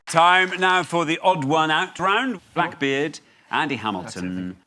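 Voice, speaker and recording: A British man hosts a comedy quiz round and delivers scripted gags drily. His pitch moves a good deal as he reads. Heavy noise sits behind him. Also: lively intonation, a little slow, crowd noise. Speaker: quiz show host. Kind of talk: scripted panel show hosting.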